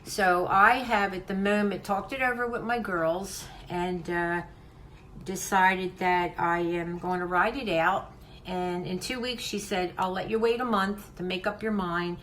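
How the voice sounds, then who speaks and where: A woman's voice: lowish voice, fairly even intonation, unhurried, fairly bright tone, a little hiss or hum, poor audio. Older woman, heartfelt rambling vlog talk. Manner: heartfelt, rambling, with repeated restarts. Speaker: craft channel host. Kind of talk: casual vlog talk to viewers.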